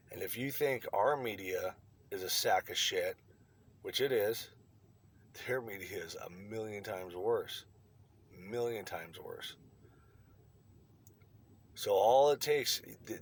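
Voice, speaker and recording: A man's voice: lowish voice, slightly rough. A man delivering a blunt, profane opinion rant to his online viewers. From United States. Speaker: vlogger.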